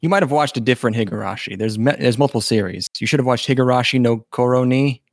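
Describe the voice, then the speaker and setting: A man's voice: mid-range voice, quick pace, gravelly, no echo, studio quality. A man co-hosting a casual anime discussion podcast, laid-back, swearing casually and trailing off with fillers. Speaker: podcast co-host.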